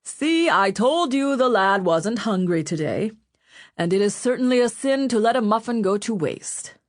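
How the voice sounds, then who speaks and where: A woman puts on a fat, greedy man who jokes loudly and relishes every bite of food, pitched higher than her narrating voice. He teases with bold, carefree swagger. It is an audiobook character voice. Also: lively intonation, normal speed, no room sound, studio quality, lightly acted. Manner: boisterous, teasing, relishing food.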